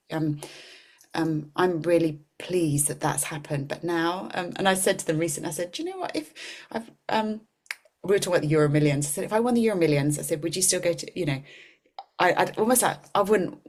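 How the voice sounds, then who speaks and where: Middle-aged woman, lowish voice, rambling, self-interrupting, podcast guest. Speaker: guest, coach. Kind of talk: casual conversation.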